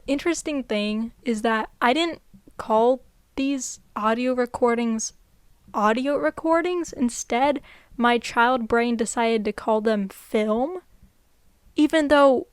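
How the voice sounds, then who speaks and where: A woman's voice: on the high side, clean tone, dry recording, clean studio sound. A young woman vlogger giving unscripted casual commentary, chatty and rambling, laughing often.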